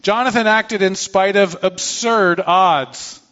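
This pastor's voice is high-pitched and fairly bright, and he speaks slowly. Through a muffled recording, he reads scripture aloud and then explains it casually, with asides and restarts along the way.

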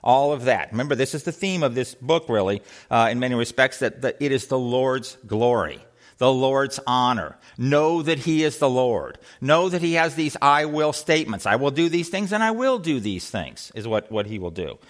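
A man's voice: mid-range voice, animated, normal speed. A man leading a Bible study, who asks the group questions, repeats himself and acts out the quoted lines. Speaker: Bible teacher.

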